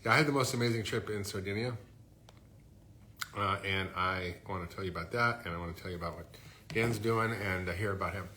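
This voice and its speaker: A man's voice: sits low, brisk, bright, forceful tone, slight background noise. A middle-aged man casually chatting on a phone livestream, upbeat and chatty as he greets viewers. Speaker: host.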